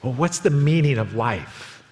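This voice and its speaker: A man's voice: mid-range voice, measured pace. Storytelling man pastor in a reverberant hall. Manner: storytelling, animated with acted quotes. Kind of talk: sermon. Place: church auditorium.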